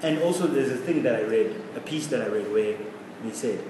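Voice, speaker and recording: A man's voice: mid-range voice, lively intonation, brisk. A man in his twenties from South Africa, co-hosting a casual podcast chat, opinionated and laughing often. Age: 20s. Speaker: podcast co-host. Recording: echoey room, mic far off, background noise.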